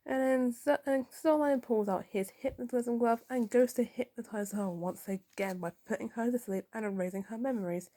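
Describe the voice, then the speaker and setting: A woman's voice: medium pitch, mellow. A woman giving a casual comic book review, recapping the panels and reading the dialogue aloud.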